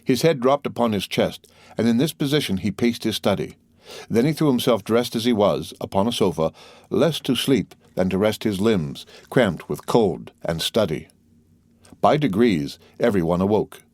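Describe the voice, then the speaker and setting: Low-voiced man reading a classic novel. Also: expressive, normal speed, darkish tone, dry recording. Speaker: audiobook reader. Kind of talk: scripted narration.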